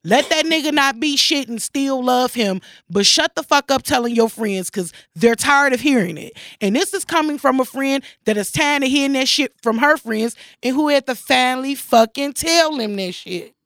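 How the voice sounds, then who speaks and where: A woman's voice: high-pitched, animated, normal speed, hardly any pauses, a bit bright, no room sound, clean studio sound. A woman co-hosting casual banter, blunt and profane, talking with heavy emphasis. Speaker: co-host.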